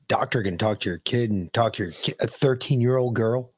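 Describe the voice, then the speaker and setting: A man's voice: mid-range voice, brisk, husky. A male podcast host in profane casual banter, crude and emphatic. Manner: crude, emphatic, swears a lot.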